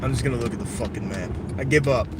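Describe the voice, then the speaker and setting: A man's voice: medium pitch, quick pace, heavy background noise. A young man chatting casually on a live stream while driving at night, telling a story loosely and swearing freely. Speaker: livestreamer. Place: inside a car at night.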